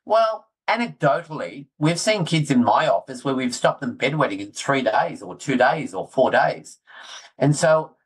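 A middle-aged man, talking excitedly as a guest in a casual interview. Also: medium pitch, normal speed, husky, poor audio. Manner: excitable, animated storyteller, self-deprecating. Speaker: guest orthodontist.

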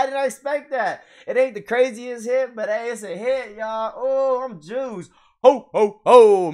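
A young man casually opening trading card packs for his viewers, hyped and slangy, laughing often. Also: a little high. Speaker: card pack opener. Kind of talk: casual pack-opening vlog.

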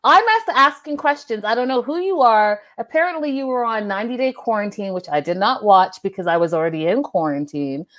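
A woman hosting a podcast in casual chat, telling gossip in an animated, exclaiming way. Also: medium pitch, fairly quick, hardly any pauses. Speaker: podcast host.

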